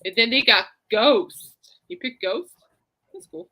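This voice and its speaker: Bright-voiced woman hosting a chatty podcast. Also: fairly high pitch, animated, measured pace, rough recording. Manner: chatty, reassuring, rambling. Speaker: podcast host. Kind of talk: casual chat.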